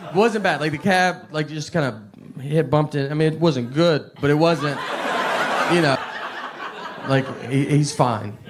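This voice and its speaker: Deadpan man telling stand-up stories. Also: a little high, unhurried, heavy background noise. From Tennessee, USA. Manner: deadpan, rambling storytelling. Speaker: stand-up comedian. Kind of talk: stand-up comedy set. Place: comedy stage with live audience. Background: audience laughter.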